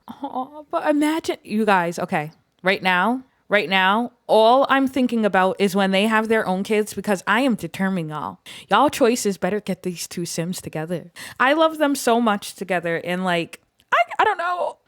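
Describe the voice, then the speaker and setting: A woman's voice: mid-range voice, lively intonation, moderate pace, fairly bright tone, no room sound, studio quality. A young woman giving casual gameplay commentary, chatting in a filler-heavy way and voicing what the game characters might be thinking. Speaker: gaming YouTuber.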